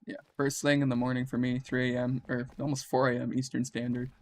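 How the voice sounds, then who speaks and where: Brief groggy streamer guy, flat delivery. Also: medium pitch, a little fast. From Canada. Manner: rambling, slangy, laid-back. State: groggy morning voice. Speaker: game streamer. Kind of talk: casual chat while gaming.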